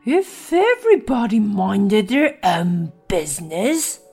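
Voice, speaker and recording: A woman voicing a rough-tempered old duchess with a hoarse, growling, slow and loud delivery. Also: medium pitch, sing-song, soft background music, heavily acted. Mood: gruff.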